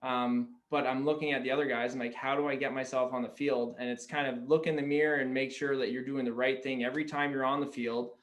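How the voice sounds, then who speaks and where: A man's voice: medium pitch, flat delivery, fast talker, few pauses. A young man from Canada, a pro lacrosse player, chatting candidly as a podcast guest, with "like" all through his stories. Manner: candid storyteller, peppered with "like". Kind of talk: casual podcast chat.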